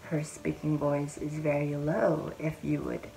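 A woman with a low, unhurried voice talks through advice in a relaxed vlog. She is chatty and often corrects herself mid-sentence. Faint music plays behind her. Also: creaky, poor audio. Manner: chatty, self-correcting, fillers like "like" and "um"; drops to a soft, quiet voice to demonstrate. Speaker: vlogger giving advice.

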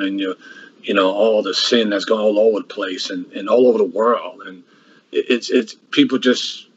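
A man's voice: lowish voice, a bit bright, slightly rough, lo-fi sound. A man preaching a sermon that works through a Bible passage verse by verse, with frequent restarts and rhetorical questions.

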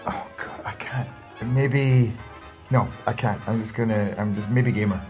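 A man's voice: fairly low pitch, fairly even intonation, measured pace, darkish tone, faint music behind. A Scottish man in his fifties chatting playfully with children, teasing and stammering as he answers. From Scotland. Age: 50s. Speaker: interviewee.

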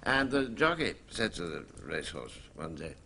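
A man telling a joke on a chat show in a posh, animated storytelling manner. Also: low voice, moderate pace, creaky. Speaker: talk show guest. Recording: noisy archive TV with loud audience.

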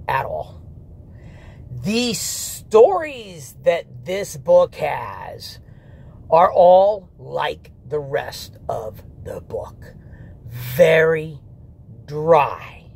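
A man's voice: a little high, creaky, slightly rough. A man giving a candid, rambling spoken review of an audiobook, with restarts and mock asides.

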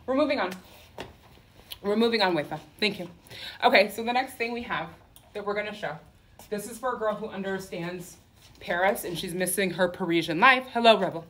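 Running a live sale from her clothing store, this woman talks a little fast in a mid-range, fairly bright voice. She keeps up sassy, campy patter, peppered with "okay?" and "honey".

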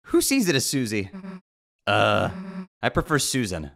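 A man casually reading AI-written game dialogue aloud and reacting, laughing often and swinging between deadpan reading and loud outbursts. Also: on the low side, unhurried.

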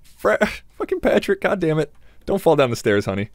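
A young male gamer delivers crude, joking let's play commentary, laughing and talking back to the game's characters. His voice is a little high and very animated, at normal speed, recorded as clean studio sound with no echo.

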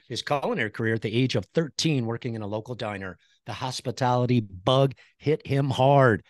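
A man from Chicago hosting a podcast interview, effusive and excitable, laughing often and repeating himself. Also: medium pitch, no room sound, studio quality. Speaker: podcast host. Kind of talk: enthusiastic interview chat.

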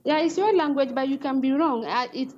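A woman's voice: sits high, fairly quick, muffled recording. A woman from Africa calling in to a debate, firmly repeating her point with hesitant fillers. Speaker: caller. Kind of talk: debate on a call.

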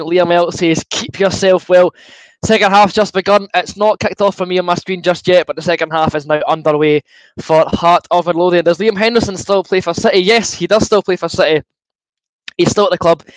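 A young Scottish man with a high voice hosts a football watchalong stream and chats his way through the viewer comments. He sounds good-humoured and a little queasy from gulping fizzy juice, and the sound is dry and close. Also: flat delivery, normal speed, no echo, poor audio. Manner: chatty and good-humoured, reads out comments and answers them. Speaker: livestream host. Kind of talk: casual watchalong chat, reading viewer comments.

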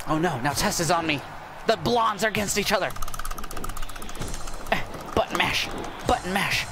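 A man giving excitable, cursing commentary while playing a video game, his voice going hoarse. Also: sits high, a little slow, pauses often. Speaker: gaming channel host. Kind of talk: casual gameplay commentary. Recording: game music loud behind voice. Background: video game music.

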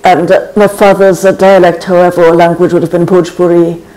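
A speaker in their forties from Trinidad, answers interview questions slowly and thoughtfully. The voice stays flat and even. Its tone is soft and dark, with frequent thinking pauses. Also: mid-range voice, rough recording. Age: 40s. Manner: thoughtful and measured, frequent hesitations. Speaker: guest poet. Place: college.

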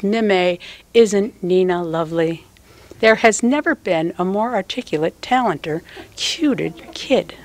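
An older woman reads her own prose poem at a standing microphone, taking her time over each phrase with a tender, measured touch. Her voice sits at an ordinary middle pitch, and the sound is close and dry, with almost no room around it. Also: no echo. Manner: slow, measured, tender delivery. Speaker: poet. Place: public poetry reading.

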